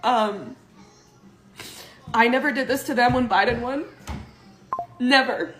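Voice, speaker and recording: A woman's voice: on the high side, slow pace, fairly bright tone, reverberant, slight background noise, low-quality recording. A woman talking earnestly and emotionally in a personal social media video.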